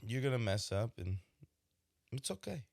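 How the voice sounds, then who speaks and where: Medium-pitched and sing-song, a little mellow and creaky, a young man hosts a podcast at a moderate pace. The expecting father reflects conversationally, with frequent "right?" asides, in a dry recording.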